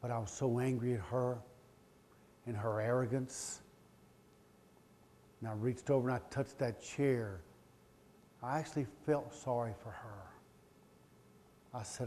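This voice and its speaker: Middle-aged guy giving a talk, telling his own story all fired up then going real quiet and emotional. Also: medium pitch, steady tone, measured pace, pauses often, slight background noise. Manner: impassioned storytelling, swings between loud pleading and quiet emotional confession. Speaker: motivational speaker. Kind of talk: speech to a live audience.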